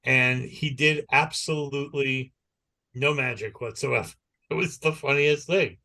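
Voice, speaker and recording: A man's voice: mid-range voice, unhurried. A man co-hosting a podcast in casual chat, telling a long rambling story and acting out the people in it. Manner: rambling animated storyteller who acts out the people he quotes. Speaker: podcast co-host.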